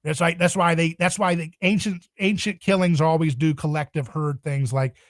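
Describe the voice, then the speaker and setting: A man's voice: fairly high pitch, steady tone, normal speed, dry recording. A man speaking as a podcast guest in a passionate, emphatic, preaching tone. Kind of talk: podcast interview.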